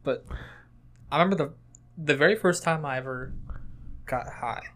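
A young man co-hosting a casual podcast, telling a long story in a rambling, animated way and laughing often. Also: fairly high pitch, normal speed. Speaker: podcast co-host.

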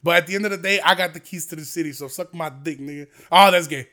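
Young dude ranting on his podcast, high voice, cussing, goes from mumbling to yelling. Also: rapid-fire. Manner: profane, heated, swings between mutters and shouts. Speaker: podcast host.

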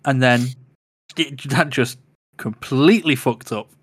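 A man's voice: mid-range voice, measured pace, fairly bright tone, husky. A man co-hosting a podcast, talking casually in a laid-back, sweary way. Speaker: podcast co-host. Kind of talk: casual chat.

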